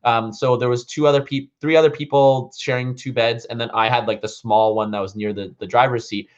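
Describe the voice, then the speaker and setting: A man in a casual vlog, telling a story at a mid pitch with a rambling flow full of "like" and "um". The recording is dull and a little lo-fi, as if taken with a basic camera mic. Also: flat delivery, a little fast. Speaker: vlogger.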